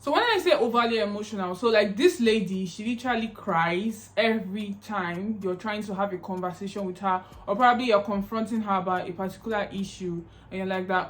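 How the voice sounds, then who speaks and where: A woman's voice: medium pitch, brisk, hardly any pauses. A young woman talking casually to camera in an advice vlog, chatty and emphatic, often repeating herself. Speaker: YouTube vlogger.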